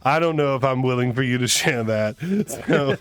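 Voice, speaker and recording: A man's voice: mid-range voice, clean tone, no echo. A man hosting his live stream, telling rambling, self-mocking stories in a playful, casual way. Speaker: streamer host. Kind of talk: casual storytelling chat.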